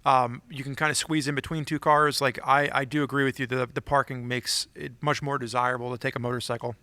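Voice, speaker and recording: A man's voice: mid-range voice, flat delivery, fast, bright, forceful tone, no echo. A man co-hosting a casual podcast, chatting and reading listener emails aloud. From Philadelphia area. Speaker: podcast co-host.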